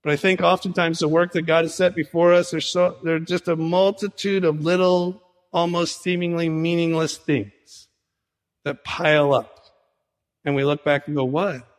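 A male pastor preaching a sermon in an animated way, acting out conversations as he teaches. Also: fairly high pitch, moderate pace, big-room sound. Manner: animated preaching, acts out dialogue with Jesus.

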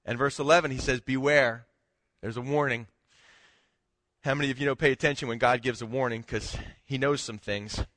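A man's voice: mid-range voice, fairly even intonation, moderate pace, fairly bright tone, no echo, big-room sound. A man preaching a sermon in a conversational way, mixing scripture with a humorous story. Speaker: pastor.

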